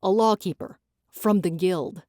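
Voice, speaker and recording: A gruff young male smuggler from a fantasy audiobook, voiced by a woman, speaking in a lowered, darker register. His lines come short and clipped, urgent rather than loud. The dry recording keeps every word close. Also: a little slow, dry recording, natural voice. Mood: tense, hushed.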